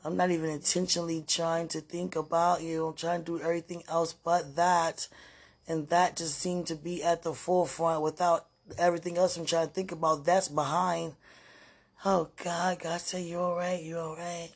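A woman giving an emotional, prayerful spiritual monologue on a podcast, repeating phrases and often dropping to hushed murmurs. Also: fairly low pitch, little pitch movement, moderate pace, breathy edge. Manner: repeats phrases, many fillers.

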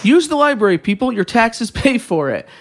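A man co-hosting a podcast in casual chat, reading out a list in a jokey, animated way and swearing freely. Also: extremely high pitch, moderate pace. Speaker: podcast co-host reading a listener email.

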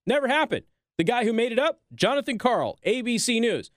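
A man hosting a talk show, delivering a sarcastic, animated political commentary monologue. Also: extremely high pitch, fairly quick, no echo, studio quality.

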